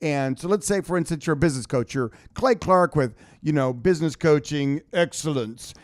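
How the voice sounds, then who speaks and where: Animated middle-aged male co-host. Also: a little high, normal speed, dry recording. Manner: animated storyteller, acts out quotes. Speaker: co-host, business coach. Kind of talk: casual radio talk show. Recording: dry studio sound.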